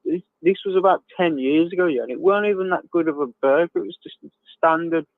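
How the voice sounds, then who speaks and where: A man's voice: fairly high pitch, fast talker, no echo. A man, chatting casually and jokily on a live show, rambling with lots of fillers. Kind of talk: casual chat. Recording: tinny phone-like call line.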